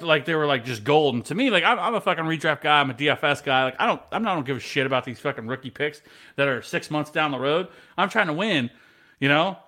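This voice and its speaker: A man chatting on a fantasy football podcast, with a bright, forceful voice that sits a little high for a man. He swears freely and tells his stories with animated energy. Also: fast talker. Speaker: podcast co-host. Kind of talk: casual podcast chat.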